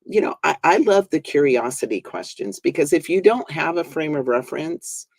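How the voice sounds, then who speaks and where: A man with a mid-pitched voice talks earnestly to his guest and to viewers. The sound is dry and close, with no room echo. He reflects aloud and now and then jumps up in pitch to act out a quote. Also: expressive, normal speed. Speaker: minister and talk show host. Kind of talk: reflective conversational talk.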